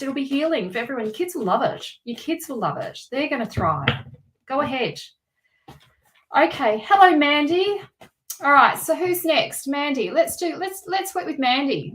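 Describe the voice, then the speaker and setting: A woman doing a live-streamed tarot reading, chatty and encouraging, thinking aloud and correcting herself as she goes. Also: high-pitched. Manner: warm and encouraging toward viewers. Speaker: tarot reader.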